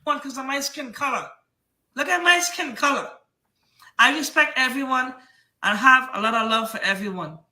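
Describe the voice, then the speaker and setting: Bright heated Trinidadian man ranting. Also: very high-pitched, normal speed, roomy sound. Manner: rambling, repetitive, heated. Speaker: comic book seller and streamer. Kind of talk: defensive livestream rant.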